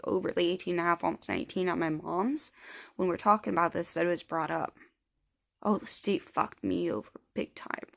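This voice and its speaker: A woman's voice: lowish voice, creaky. A woman in her thirties telling her own story to camera in a blunt, rambling way with heavy swearing. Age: 30s. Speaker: vlogger.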